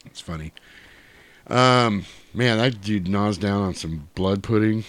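A man hosting a podcast in casual, animated chat, laughing often and swearing freely. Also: on the low side, slow pace, no echo. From United States. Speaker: podcast host.

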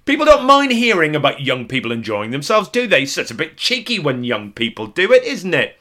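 A man in his forties performing a self-deprecating comic monologue, deadpan with sudden exaggerated outbursts. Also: fairly high pitch, fairly quick, hardly any pauses. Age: 40s. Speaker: comedian.

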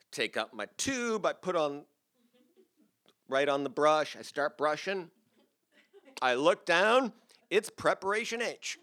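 An older man tells a story on stage with a lively, rising and falling voice. His tone is bright and forward. He talks in a chatty, self-mocking way. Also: a little high, slow, long pauses. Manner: chatty and self-deprecating, with laughs. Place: theater stage before a live audience.

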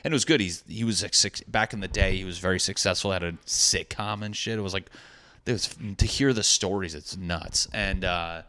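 A man's voice: low-pitched, normal speed, sharp tone. A young man, a stand-up comedian, telling a rambling, profane, self-deprecating story in casual chat.

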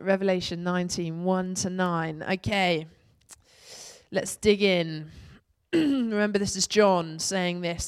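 A woman preaching a sermon, reading scripture aloud expressively and lifting her voice for the shouts of praise. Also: medium pitch. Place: church.

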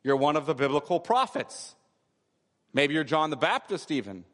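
A man's voice: fairly high pitch, sing-song, normal speed. A man preaching a sermon, explaining scripture with emphatic repetition. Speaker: pastor. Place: church sanctuary. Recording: long hall reverb.

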